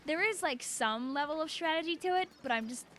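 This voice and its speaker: A woman's voice: high voice, expressive, a little fast, a bit bright, a little hiss or hum. A young woman streaming a game, chatting casually and bubbly, laughing often. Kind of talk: casual gameplay chat.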